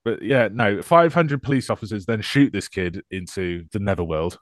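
A man's voice: lowish voice, normal speed, no echo, studio quality. A man co-hosting a casual podcast, bantering sarcastically about a movie and laughing often. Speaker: podcast co-host. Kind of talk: casual chat.

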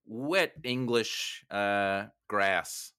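Man with a low, bright voice. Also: extremely slow, clean tone. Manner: joking, swears freely, laughs often. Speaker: podcast co-host. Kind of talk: casual film discussion.

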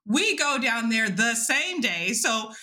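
Female podcast host, casual and profane, lively raconteur with a tense, bright, fairly high voice. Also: slow. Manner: animated, laughing, acts out quotes; casual with swearing and fillers. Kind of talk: casual storytelling chat.

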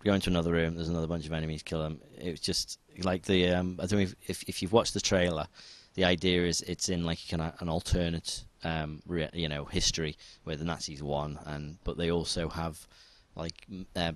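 A man's voice: low voice, fairly quick, hardly any pauses, no room sound. A man chatting casually about video games as a co-host, rambling with restarts. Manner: rambling, excitable, many restarts. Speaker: podcast co-host. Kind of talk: casual chat.

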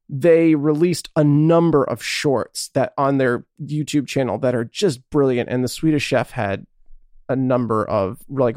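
A man's voice: mid-range voice, clean tone, no room sound, clean studio sound. A man co-hosting a podcast, chatting in a rambling, enthusiastic way and swearing casually. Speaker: podcast co-host. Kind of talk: casual chat.

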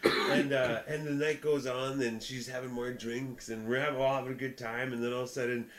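A young man telling a rambling, animated story in casual chat, often breaking into laughter. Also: medium pitch, a little fast. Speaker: podcast co-host, comedian.

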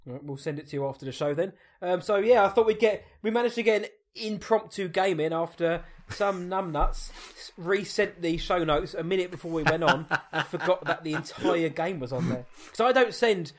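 A man's voice: high-pitched, moderate pace, few pauses. A young man hosting a podcast, teasing his co-host through a game and giggling often. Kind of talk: casual chat, hosting a game.

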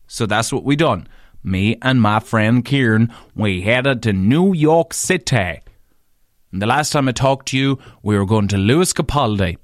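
A man with an Irish accent, a podcast and radio host, tells stories in a casual monologue. He swears freely and jumps up in pitch when he stresses a point. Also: no room sound, clean studio sound. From Ireland. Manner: animated, swears freely, leaps up in pitch for emphasis.

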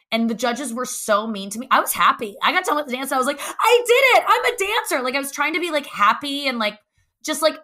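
A young woman comedian telling a self-mocking story in casual chat, animated and swearing freely. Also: fairly high pitch. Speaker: guest, comedian.

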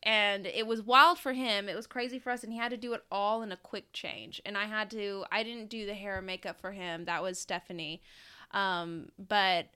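A woman's voice: mid-range voice, fairly even intonation, bright, forceful tone, clear, resonant tone. Chatty young woman podcast co-host. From American South. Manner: chatty, laughs often, quick restarts. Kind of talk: casual chat.

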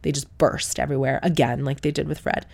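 A woman's voice: extremely low pitch, fairly even intonation, a little fast, creaky, a little mellow. A woman telling her birth story to camera. She talks frankly, swears and laughs often.

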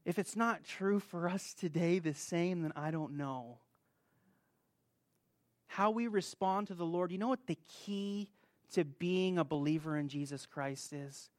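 A middle-aged man preaching a sermon, swinging between soft asides and loud, high outbursts. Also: a little slow, dry recording. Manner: animated, rises loud and high when acting out stories. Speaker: pastor.

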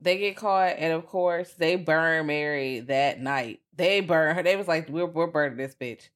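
Lowish woman podcast cohost, swears a lot, goes way up in pitch doing the characters. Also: measured pace. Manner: profane, animated, acts out characters with big pitch jumps. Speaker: podcast co-host. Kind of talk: casual chat reviewing a film.

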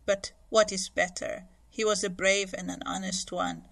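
A woman reading a gruff, blunt old gentleman who asks short, abrupt questions but is kind underneath. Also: high voice, level tone, normal speed, exaggerated voice. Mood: approving. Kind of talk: audiobook character voice.

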